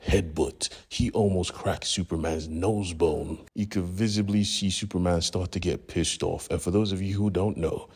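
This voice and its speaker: A man's voice: low-pitched, fairly even intonation, normal speed, few pauses, darkish tone, slightly rough. A man casually retelling a comic book story, slangy and profane. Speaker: comic book recap narrator.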